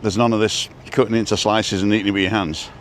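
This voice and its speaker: Guy chatting on a phone livestream out on a street, lowish voice, bit of traffic hum behind. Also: little pitch movement, fast. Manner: chatty, rambling, reads out viewer comments. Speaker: live-stream host. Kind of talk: casual live-stream chat.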